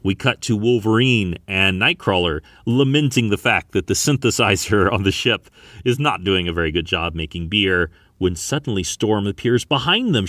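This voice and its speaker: A man hosting a podcast, recapping a comic book in a lively, storytelling way. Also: lowish voice, dry recording. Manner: lively storytelling, acting out scenes. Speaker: podcast host.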